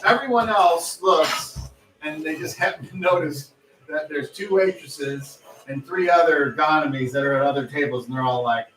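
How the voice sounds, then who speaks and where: A man running a tabletop game as game master, setting scenes with a lively, joking manner. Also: on the high side, moderate pace, noisy background. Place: room with players around a table. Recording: roomy, distant home recording.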